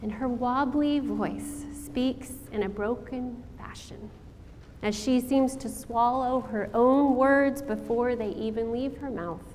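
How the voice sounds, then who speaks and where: A woman preacher giving a sermon, telling the story in a slow, dramatic way with rhetorical questions. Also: a little high, a little mellow, a little hiss or hum. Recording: long hall reverb, faint ambience.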